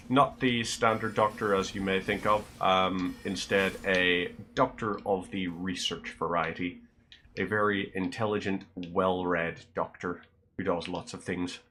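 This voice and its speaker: Male streamer, low voice, rambling casual chat, dry self-deprecating humor. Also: level tone, slow, sharp tone, a little hiss or hum. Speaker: livestreamer.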